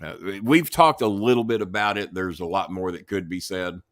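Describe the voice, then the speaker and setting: A man's voice: sits low, normal speed, fairly bright tone, no echo, studio quality. An older man from the Southern United States, a guest telling stories in a blunt, profane, casual way. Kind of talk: casual storytelling chat.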